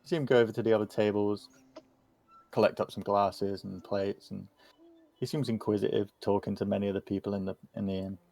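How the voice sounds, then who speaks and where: A man narrating a tabletop game as game master in a relaxed, descriptive way. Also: fairly low pitch, fairly quick, creaky, no echo.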